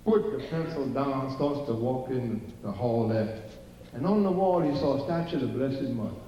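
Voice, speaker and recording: A man's voice: medium pitch, expressive, moderate pace, dark tone, slight background noise. An older man with a Cajun Louisiana accent telling jokes in a rambling, folksy way to a live theater audience. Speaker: stand-up storyteller. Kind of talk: live stand-up comedy. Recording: roomy, distant, dull audience recording.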